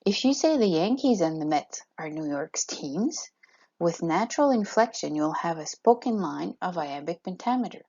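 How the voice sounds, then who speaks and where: A woman teacher explaining in a clear, step-by-step way and reading examples aloud with a steady beat. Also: deep voice, moderate pace, muffled recording. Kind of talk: recorded classroom lesson.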